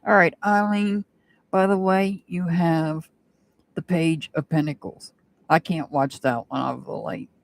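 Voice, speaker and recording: A woman hosts a live tarot stream and talks in an unhurried, drawn-out way. She rambles between readings, chats with viewers by name and laughs often. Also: fairly low pitch, fairly even intonation, vocal fry. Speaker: tarot reader.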